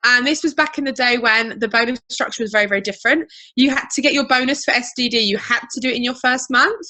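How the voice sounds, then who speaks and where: A woman chats away on a video call, telling her story with quick, lively energy. Her voice sits a little high and sounds bright and clear. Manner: animated storytelling, quick and chatty. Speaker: guest. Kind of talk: casual video-call interview.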